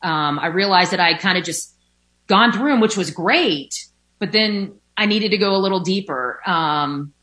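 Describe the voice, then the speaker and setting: Speaking at a normal speed, she has a fairly low, fairly bright voice and an expressive delivery. It's a frank recovery testimony from a recovering alcoholic, recorded by a window at home, peppered with fillers and the occasional profanity.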